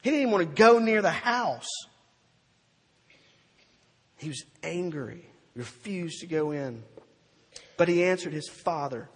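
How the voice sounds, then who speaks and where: A male preacher giving a sermon, telling a story in an animated way and slowing down for emphasis. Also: a little high, slightly rough, long reverb tail.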